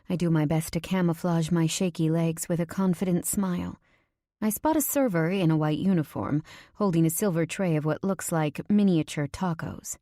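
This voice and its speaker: A woman narrating a first-person romance audiobook in an intimate way, dropping at times to breathy whispers. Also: sits low, warm tone, dry recording, studio quality.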